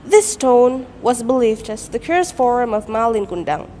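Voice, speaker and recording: Slow expressive girl telling a folktale. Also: on the high side. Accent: American-style English. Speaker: student storyteller. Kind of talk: folktale storytelling performance. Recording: echoey hall, faint noise.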